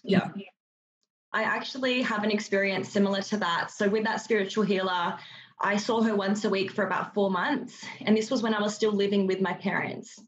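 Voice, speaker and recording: A woman's voice: mid-range voice, steady tone, moderate pace. A woman chatting candidly as a podcast co-host, blunt and swearing freely. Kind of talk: casual chat. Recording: dull, lo-fi sound.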